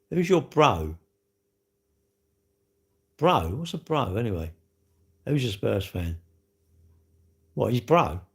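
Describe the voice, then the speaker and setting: A gravelly, mid-range male voice with a breathy edge belongs to a livestreamer poking sarcastic fun at his audience's comments. It's a casual stream chat, done from his home close to the kitchen.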